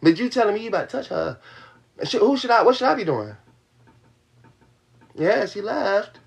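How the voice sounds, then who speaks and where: A man's voice: high-pitched, big pitch swings, normal speed, creaky. A young man venting to his livestream audience in a heated, profane rush, repeating his points. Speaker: livestream host. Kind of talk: venting to a live stream audience.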